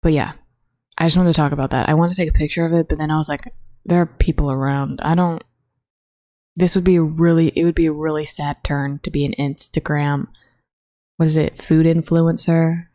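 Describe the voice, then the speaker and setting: Low-voiced young woman rambling, profane. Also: brisk, dry recording, studio quality. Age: young adult. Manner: rambling, profane, flatly bored. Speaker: college student podcast host. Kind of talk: casual solo podcast monologue. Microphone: own desk microphone.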